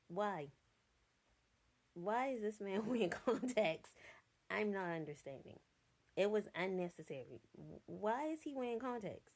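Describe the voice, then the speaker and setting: A woman's voice: mid-range voice, expressive, a little slow, a little mellow. A young adult woman giving a casual, blunt and profane film review from her notes, sounding exasperated.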